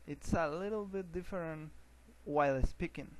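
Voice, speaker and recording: A man teaching an English lesson, often restarting words and filling pauses with uh and um. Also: fairly high pitch, darkish tone, low-quality recording. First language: Spanish. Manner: hesitant, repeats words, many fillers.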